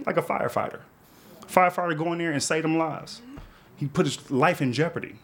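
Fast-talking man doing stand-up. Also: high voice. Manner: loose, conversational storytelling with big animated swings. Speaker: stand-up comedian. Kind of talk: stand-up comedy set. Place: comedy club stage with live audience. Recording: live set with loud crowd laughter.

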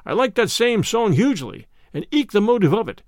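A merry cook fond of his drink, as a male reader voices him in a storybook tale. He speaks in fond, old-fashioned phrases with a high, lively voice. It is heard close and dry. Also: brisk, no echo. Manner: archaic phrasing, affectionate. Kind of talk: storybook character voice.

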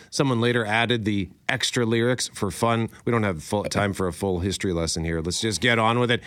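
A man's voice: fairly low pitch, fairly bright tone, dry recording. A man hosting a radio panel show in a playful, joking way. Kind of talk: casual radio panel chat.

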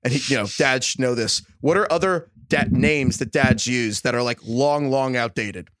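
A man co-hosting a podcast in casual chat, telling animated stories with lots of fillers. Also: mid-range voice, normal speed, no room sound, clean studio sound. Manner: animated storyteller, many fillers. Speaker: podcast host.

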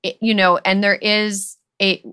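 A woman's voice: medium pitch, level tone, unhurried, sharp tone, smooth, no room sound, clean studio sound. A woman co-hosting a podcast, talking in a loose, rambling way with lots of "like" and "you know". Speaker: podcast co-host. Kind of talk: casual conversational chat.

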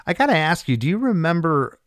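A man's voice: fairly high pitch, very animated, brisk, clean tone, no echo, studio quality. A man hosting a podcast, walking through a song part by part in casual, enthusiastic commentary. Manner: enthusiastic, describes the music in detail. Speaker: podcast host.

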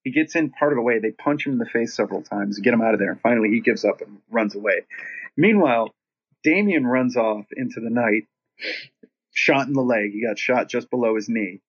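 A man's voice: medium pitch, fairly quick, husky. A man telling a casual, profane anecdote, acting out the people in it, in a dull lo-fi recording. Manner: profane, animated storytelling with quoted voices.

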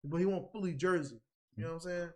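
A man in a casual, animated chat about battle rap, often laughing and mimicking people. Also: fairly high pitch, fast. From New York.

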